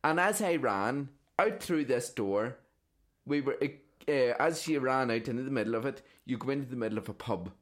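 This man's mid-range voice is animated, moving at a moderate pace. As a co-host on a casual podcast, he tells rambling stories, swears, and tags "right?" onto his sentences.

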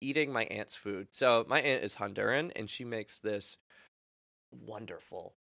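A man's voice: lowish voice, a little slow, vocal fry, bright, forceful tone, no echo, clean studio sound. A man co-hosting a podcast in loose, slangy, joking casual chat. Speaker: podcast co-host.

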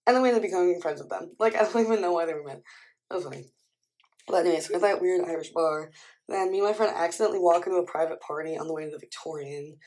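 A woman's voice: fairly low pitch, very fast, darkish tone. A young woman in her twenties chatting casually to camera at home while getting ready, rambling with lots of "like". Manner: chatty, rambling, heavy use of "like". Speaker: vlogger. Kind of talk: casual chat.

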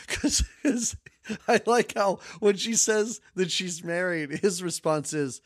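A man co-hosting a podcast, chatting casually about a film with lively, jokey asides. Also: high-pitched. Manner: animated, jokey, quick asides. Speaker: podcast co-host. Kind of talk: casual movie recap chat.

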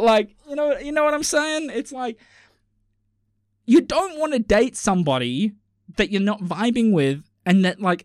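A man's voice: high voice, dry recording, studio quality. A man hosting a solo podcast in a casual, rambling, exasperated rant, swearing often. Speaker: podcast host.

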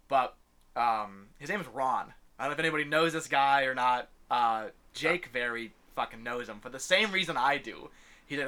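A man's voice: medium pitch, normal speed, pushed and bright. A young man telling a story in a casual chat, swearing freely and laughing often. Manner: profane, ranting, laughs often.

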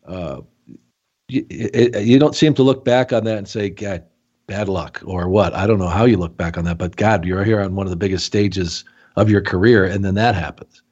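A man's voice: low voice, normal speed, darkish tone, highs cut off. A man hosting an interview, asking long rambling questions with many restarts. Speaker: podcast host.

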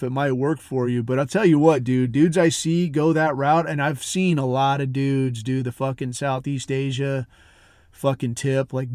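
A man's voice: medium pitch, darkish tone, clear, resonant tone, dry recording, studio quality. A man hosting a podcast, telling a long rambling story in blunt, profane, casual talk full of fillers. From military special operations community. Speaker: podcast host.

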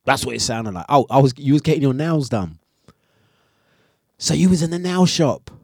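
A man hosting a breakfast radio show, telling stories in animated, slangy chat and laughing often. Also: medium pitch, normal speed, slightly rough, no room sound, clean studio sound. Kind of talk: casual live radio chat.

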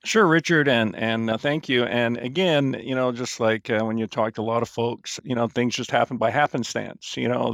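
Telling his story as a guest on a finance podcast, a man in his fifties rambles casually, restarting often and using many fillers. His medium-pitched voice is creaky, captured in a dry recording with clean studio sound.

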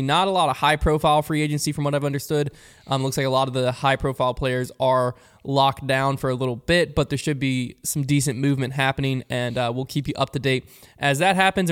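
A man hosting a casual weekly podcast, upbeat and quick to laugh as he chats with his co-host. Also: medium pitch, clean tone.

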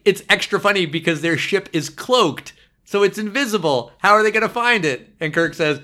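Bright, animated man on a podcast. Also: a little high, a little fast. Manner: animated, wry, lots of fillers. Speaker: podcast co-host. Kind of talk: casual podcast chat.

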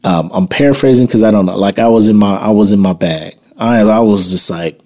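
A podcast host in a heated opinion monologue, blunt and profane. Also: male voice, on the low side, fairly quick, hardly any pauses, mellow.

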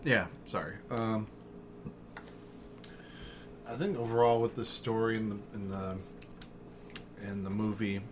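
A man's voice: fairly low pitch, fairly even intonation, unhurried, pauses often, noisy background. A man co-hosting a podcast in casual chat, speaking in a laid-back, hesitant way with many ums. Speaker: podcast co-host.

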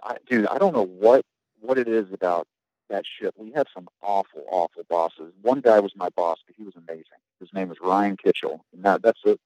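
A man's voice: lowish voice, normal speed, dark tone, no echo, highs cut off. A man telling rambling, profane stories about his navy days in a casual podcast chat, often restarting his sentences. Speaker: guest, navy veteran.

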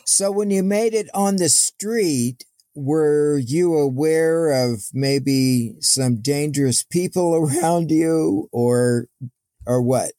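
A man's voice: on the high side, slow pace, dark tone. A man hosting a podcast and interviewing a friend in a casual, upbeat way with light chuckles. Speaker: podcast host.

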